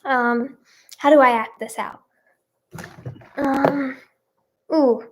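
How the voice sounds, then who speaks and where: A woman with a high, bright-sounding voice hosts a playful live stream. She talks at an easy, unhurried pace and reads out her viewers' guesses with bubbly cheer. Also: steady tone. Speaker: livestream host.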